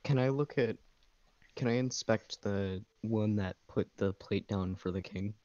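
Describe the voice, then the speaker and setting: A man's voice: lowish voice, measured pace, mellow, dull audio. A man playing in a tabletop game, often puzzled and asking questions. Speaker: player. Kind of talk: casual tabletop play.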